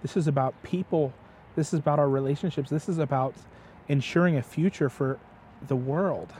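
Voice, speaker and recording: A man with a slightly high, darkish voice speaks at a normal pace over faint hiss or hum. He's a guest on his father's show, passionately retelling a story in casual chat and frequently tripping over repeated words.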